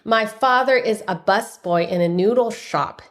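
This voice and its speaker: A woman from San Francisco, a guest author, telling her personal story in a podcast interview with lively delivery and frequent restarts. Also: mid-range voice, a little slow. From United States (San Francisco). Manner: animated, acts out dialogue, frequent restarts.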